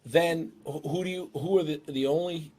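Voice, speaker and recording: A middle-aged dog trainer hosts his show in a mellow voice at normal speed, handing out casual, joking advice about dogs and a new baby. Now and then he breaks into shrill impressions of the owners.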